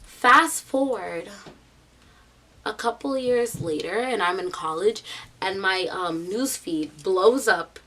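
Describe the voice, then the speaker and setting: A woman's voice: medium pitch, slow. A young woman with a New York accent telling a story casually, full of "like" and "um", bringing the people in it to life. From United States. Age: young adult. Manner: chatty, animated storytelling with quoted voices; many fillers like "like" and "um". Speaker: vlogger.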